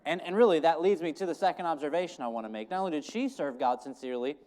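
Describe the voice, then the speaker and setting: A man's voice: a little high, rapid-fire, hardly any pauses, darkish tone. A man preaching a sermon as pastor, earnest, repeating his key lines for emphasis.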